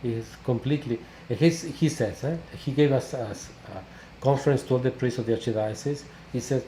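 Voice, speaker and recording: A man hosts a relaxed parish interview, tossing in little tag questions as he talks. His voice is mellow and dark. The room rings with echo, and a faint noise sits underneath. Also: medium pitch, normal speed, hardly any pauses. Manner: switches between English and Spanish, tag questions. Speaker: parish priest and host. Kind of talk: casual bilingual interview.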